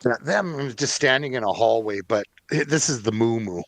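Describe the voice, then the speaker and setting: A man's voice: mid-range voice, normal speed, dry recording. A man co-hosting a podcast who rambles and hesitates while showing pictures. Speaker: podcast co-host. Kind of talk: casual podcast chat.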